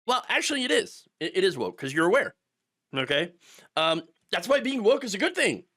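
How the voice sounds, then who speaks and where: A man's voice: high-pitched, sing-song, brisk, pushed and bright. A middle-aged man ranting through political commentary, sarcastic and mocking, sometimes putting on the voices of his opponents.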